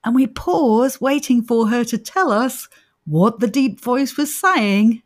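A woman's voice: fairly high pitch, takes it slowly. A woman co-hosting a casual paranormal podcast, telling the story in a chatty way and laughing often. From Australia. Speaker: podcast co-host. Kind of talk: casual chat.

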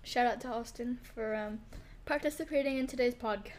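Young woman podcast cohost, rambly and giggly, kinda high voice. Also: brisk, slight background noise. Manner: rambling, giggly, lots of fillers. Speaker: podcast co-host. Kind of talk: casual chat.

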